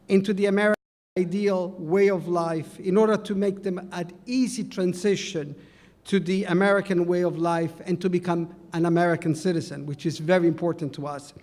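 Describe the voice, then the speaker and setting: A man with a heavy Italian accent, Italian his first language, giving an earnest, somewhat halting acceptance speech for his society. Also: sits high, fairly even intonation, a little mellow, in a large hall. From Italy. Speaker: honoree society president.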